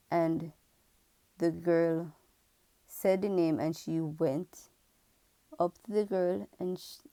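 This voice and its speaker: Her voice is deep, creaky and dark, recorded with no echo, as this Jamaican pharmacist shares her own story to camera. She speaks frankly, earnestly and reflectively.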